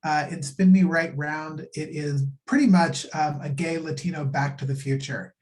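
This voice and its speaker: Eager man author on a video call, upbeat book pitch. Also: fairly even intonation, moderate pace, noisy background. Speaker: guest author. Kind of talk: book pitch at a virtual event.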